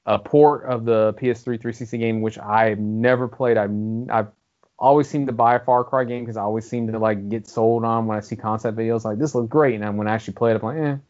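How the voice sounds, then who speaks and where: In muffled, dull lo-fi sound, a fast-talking male co-host with a low voice rambles animatedly in casual gaming chat, swearing freely.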